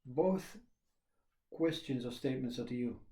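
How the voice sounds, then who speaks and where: A man giving a slow, reflective spiritual talk, repeating questions and pausing often. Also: medium pitch, animated, warm tone, reverberant. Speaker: spiritual teacher.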